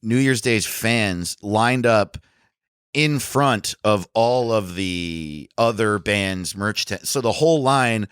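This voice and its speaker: A man tells a rambling story in a low, smooth voice, swearing freely and acting out the people in it. The sound is dry and close. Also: slow, dry recording. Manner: animated storyteller, swears a lot, acts out voices. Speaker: comedian podcast guest. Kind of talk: casual storytelling chat.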